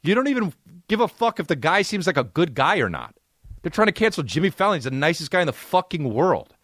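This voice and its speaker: A man's voice: a little high, very animated, quick pace, a bit bright, no room sound, studio quality. A man hosting a comedy podcast, ranting in a profane, sarcastic way. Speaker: podcast host.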